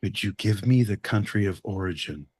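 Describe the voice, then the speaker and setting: Husky, deep-voiced joking podcast co-host. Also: male voice, normal speed, darkish tone. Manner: sweary, joking, rambling. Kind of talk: casual comedic chat.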